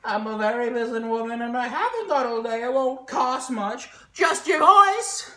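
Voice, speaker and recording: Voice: mid-range voice, animated, moderate pace, sharp tone, pitched above the performer's own voice. A drawling sea-witch villainess. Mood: menacing. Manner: drawling, showy and menacing. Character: scheming sea-witch villainess, grand and theatrical. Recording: echoey room with faint music.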